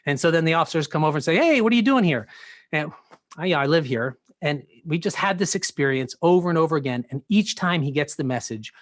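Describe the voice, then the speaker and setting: A man's voice: fairly high pitch, fast, a bit bright, dry recording. A man, a pastor, telling a personal story in a sermon with earnest, filler-laden storytelling and voiced quotes.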